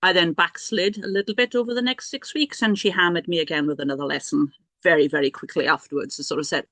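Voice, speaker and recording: A woman's voice: on the low side, animated, fast, a bit bright, dry recording. Chatty, self-mocking middle-aged woman. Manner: chatty, self-mocking, many restarts and asides. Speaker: priestess and healer. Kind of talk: casual personal storytelling.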